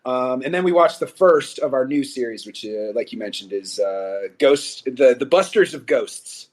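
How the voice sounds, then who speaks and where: A young man with a mid-pitched, ordinary voice, co-hosting a podcast. He rambles loosely with plenty of ums and uhs, dropping dry jokes as he goes. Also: animated, moderate pace, darkish tone. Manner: rambling, lots of fillers and jokes. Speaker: podcast co-host. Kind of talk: casual chat.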